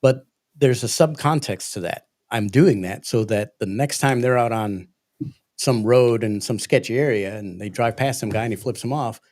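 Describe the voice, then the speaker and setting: A man's voice: medium pitch, normal speed, a little mellow. A man, a police training instructor, earnestly explaining emotional regulation on a livestream. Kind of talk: livestream discussion.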